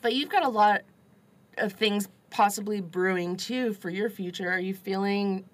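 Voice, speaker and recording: A woman's voice: medium pitch, normal speed. A woman co-hosting a casual recovery talk, blunt and profane but supportive, laughing often. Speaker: podcast co-host.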